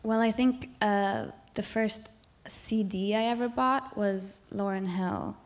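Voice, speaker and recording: In a slow-paced, candid onstage interview before a live audience, a Swedish guest singer in her thirties talks at an everyday pitch. She rambles and restarts her sentences, uses "like" heavily, and laughs often.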